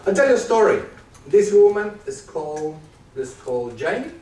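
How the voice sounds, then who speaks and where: Male conference presenter, fairly high voice, engaging the room with questions, echoey hall picked up from a distance. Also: a little mellow. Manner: engaged, quizzes the audience with questions. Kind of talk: live stage talk with demonstration. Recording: echoey room, distant mic, faint noise.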